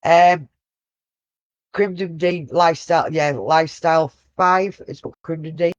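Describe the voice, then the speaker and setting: A woman's voice: deep voice, fairly even intonation, unhurried, no echo, lo-fi sound. A woman co-hosting a casual live-stream chat, chatty and sweary. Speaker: co-host.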